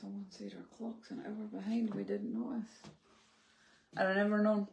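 A woman's voice: mid-range voice, flat delivery, moderate pace, creaky, a little mellow, lo-fi sound, slight background noise. A young adult woman, co-hosting a haul review with playful, indignant banter and laughter. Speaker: vlogger co-host. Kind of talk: casual joking banter.

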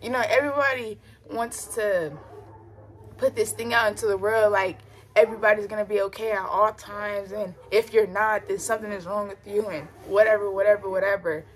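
A young adult woman gives a heartfelt faith testimony on her vlog, sitting in her bedroom and fighting back tears as she repeats herself and uses slang and fillers. Her medium-pitched voice holds a steady tone at a fairly quick pace, with slight hiss or hum.

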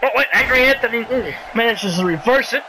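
A game commentator calling a wrestling video game play by play, excitable, sarcastic, yelling at big moves and pleading with the wrestlers. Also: mid-range voice, fast talker, slight background noise, rough recording. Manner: sarcastic asides and mild swearing.

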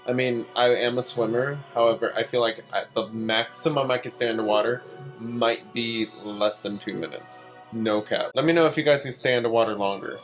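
A man's voice: mid-range voice, fairly even intonation, normal speed. A young man hosting a reaction video, chatting in a casual, slangy, laid-back way. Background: film audio and music.

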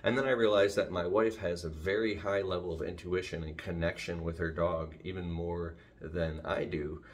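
A man with a deep, gravelly voice vlogs casually about his dog at home, filmed on a phone camera. He rambles, jumps off topic, and restarts his sentences.

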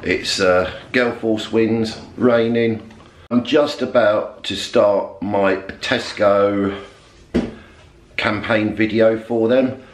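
Man, family vlogger, upbeat chatty manner, echoey home room. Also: fairly low pitch. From England. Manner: chatty, upbeat, talks to viewers. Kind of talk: casual snack-review vlog. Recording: echoey room, faint background noise.

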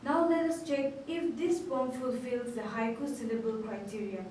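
Lady teacher doing a class video, kinda high voice, careful slow words, faint background hum. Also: steady tone, a little mellow. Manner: slow, clear, syllable-stressing delivery. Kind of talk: online class lesson. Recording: echoey room from far off.

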